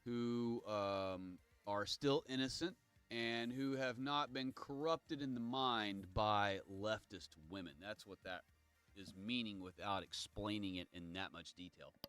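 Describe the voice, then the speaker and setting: A man's voice: fairly low pitch, unhurried, fairly bright tone, clear, resonant tone, faint music behind. A man hosting his own livestream, talking in a meandering, digressive way and reading viewer comments aloud. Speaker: livestream host. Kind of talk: rambling solo livestream monologue.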